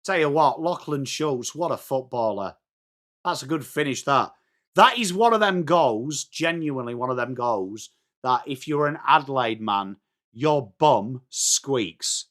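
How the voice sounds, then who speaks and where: An English man hosting a fan watchalong, chatting through the match as live fan commentary and breaking into shouts at big plays. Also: medium pitch, expressive, measured pace. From England.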